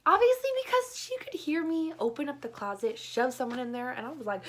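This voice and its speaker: A woman's voice: sits high, big pitch swings, fairly quick, hardly any pauses, a little hiss or hum. A young adult woman telling a story on her vlog in a chatty, filler-heavy way, often breaking into laughter. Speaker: vlogger.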